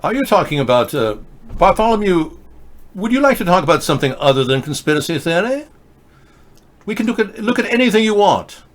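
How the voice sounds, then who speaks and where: A man's voice: sits high, very animated, fairly quick. A man hosting a casual live political video chat, reading viewer comments and tweets aloud with a sarcastic, rambling manner. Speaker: livestream political show host.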